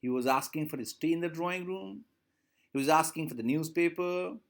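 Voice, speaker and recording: A man's voice: a little high, fairly quick, creaky. A man teaching in Indian English, explaining a short story to students, repeating lines and asking questions. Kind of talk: classroom lesson explaining a story.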